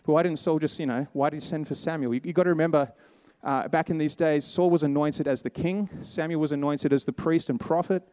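A man's voice: on the high side, fairly even intonation, a little fast, few pauses, dark tone, no room sound. A man preaching a sermon, telling a Bible story in a casual, conversational way and voicing the characters' lines.

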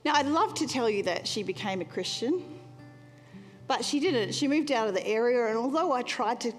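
A woman sharing a personal testimony in a sermon, talking earnestly and conversationally and slowing down for emphasis. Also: a little high, expressive. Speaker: church speaker sharing a testimony. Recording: long hall reverb, faint music behind.

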